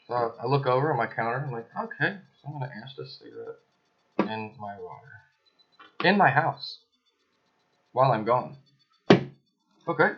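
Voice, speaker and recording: A man's voice: medium pitch, muffled recording. A man talking to camera in his apartment, in a casual, emphatic and accusatory monologue with suspicious asides. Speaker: video blogger.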